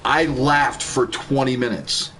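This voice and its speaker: A man's voice: medium pitch, steady tone, slow pace, a crowd in the background. A man casually telling a rambling story while gaming, laid-back and swearing freely. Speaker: gaming streamer.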